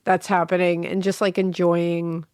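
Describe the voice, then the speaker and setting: A woman's voice: on the low side, level tone, a little slow, darkish tone, clear, resonant tone, dry recording, clean studio sound. Joking, emphatic woman. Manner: enthusiastic, joking, emphatic asides. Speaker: podcast co-host. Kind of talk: casual true-crime chat.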